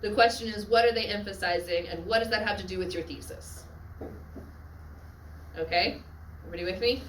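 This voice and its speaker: A woman teaching a Latin class on literary devices, often checking in with her students and adding quick asides. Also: mid-range voice, a little hiss or hum. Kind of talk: classroom lecture. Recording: echoey classroom from far off.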